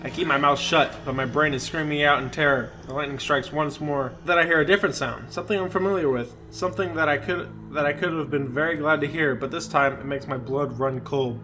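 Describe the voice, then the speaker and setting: A man's voice: fairly high pitch, fairly even intonation, fairly quick, few pauses, background noise. A young man co-hosting a podcast, reading a horror story aloud with hammy emphasis and bursts of laughter. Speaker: podcast co-host.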